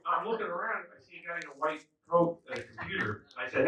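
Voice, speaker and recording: A man in his fifties doing a stand-up set, telling stories in a lively way with acted-out quotes. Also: high voice, fairly quick. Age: 50s. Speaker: stand-up comedian. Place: indoor comedy club. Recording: echoey club, distant mic, noisy.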